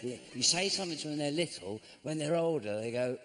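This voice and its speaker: A sardonic middle-aged comedian performing stand-up on a theatre stage, his voice climbing and dropping all over the place. It is a live recording, with the loud hum of the audience hall filling the background. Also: expressive, fast. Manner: dry, sardonic delivery with sudden squeaky high mock voices. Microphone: stage microphone.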